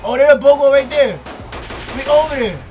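A man commentating a shooting game, trash-talking loudly with profane outbursts, his voice hoarse from yelling. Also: extremely high pitch, lively intonation, moderate pace. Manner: loud, profane trash talk with yelled outbursts. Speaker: gaming YouTuber. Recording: game music and gunfire underneath. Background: game gunfire and music.

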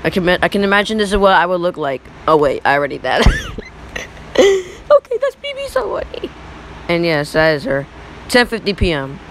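A young male YouTuber in his teens giving rambling, excitable reaction commentary over old photos. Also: fairly high pitch, fast, slight background noise, low-quality recording. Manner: rambling, excitable, repeats "look".

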